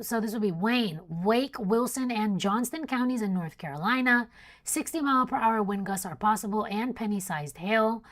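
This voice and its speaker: A young woman hosting a casual live weather stream, reading out storm warnings and chatting with viewers while sleepy and yawning. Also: mid-range voice. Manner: chatty, reads warnings then jokes with chat. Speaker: weather livestream host.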